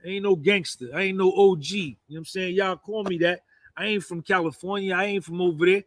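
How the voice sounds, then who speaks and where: A man's voice: high voice, steady tone, quick pace, no echo. A man, giving a boastful, rambling monologue that keeps circling back on itself. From New Jersey, US. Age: 50s. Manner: rambling, repeats "you understand".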